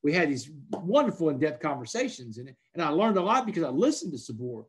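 A man's voice: on the high side, sing-song, fast. A man in his forties, a podcast guest telling personal stories in an emphatic, conversational way, often saying "man". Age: 40s. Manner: emphatic, peppers speech with "man". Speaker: podcast guest, motivational speaker. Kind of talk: casual conversational storytelling.

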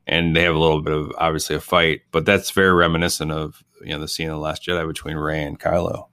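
A man's voice: very deep voice, flat delivery, fast talker, pushed and bright, no echo, studio quality. A man in casual conversation about a film, talking loosely and restarting his sentences often. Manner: rambling, loose, self-interrupting. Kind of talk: casual movie podcast chat.

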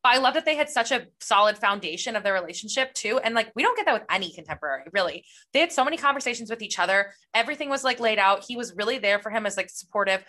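A woman's voice: a little high, expressive, rapid-fire, few pauses, sharp tone. A young woman co-hosting a book podcast, chatting casually and gushing enthusiastically with lots of "like". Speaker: podcast co-host. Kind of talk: casual chat.

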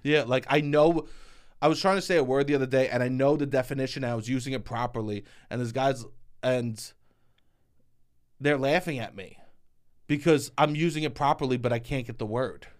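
A man from Staten Island co-hosting a casual chat, teasing and animated with bursts of laughter. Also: medium pitch, fairly quick. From Staten Island, New York. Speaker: podcast co-host.

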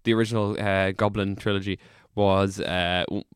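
A man's voice: deep voice, little pitch movement, moderate pace, clean tone, dry recording, studio quality. A man with a Dublin Irish accent, co-hosting a podcast in casual, rambling, jokey banter. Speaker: podcast co-host. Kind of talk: casual chat.

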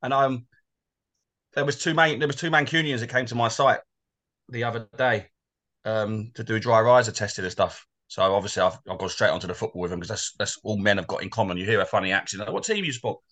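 A forty-something man co-hosts a casual football podcast. His voice is bright and forward. He tells loose, rambling stories and laughs easily. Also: on the low side, fairly even intonation, fast talker. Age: 40s. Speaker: co-host.

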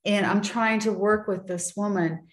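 A woman's voice: medium pitch, fairly even intonation, unhurried. A woman guest in casual conversation, telling personal stories earnestly and acting out the people she quotes. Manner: earnest storyteller, acts out quoted voices. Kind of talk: casual faith-tinged chat. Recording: roomy echo.

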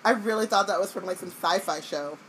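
A woman's voice: lowish voice, fairly quick, fairly bright tone, a little hiss or hum. A woman co-hosting a podcast from home, chatting playfully and teasing her co-host. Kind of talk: casual chat.

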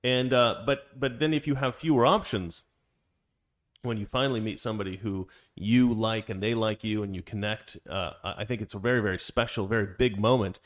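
A man's voice: fairly low pitch, brisk. A man co-hosting a casual livestream chat, rambling with many fillers and restarts. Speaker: livestream co-host.

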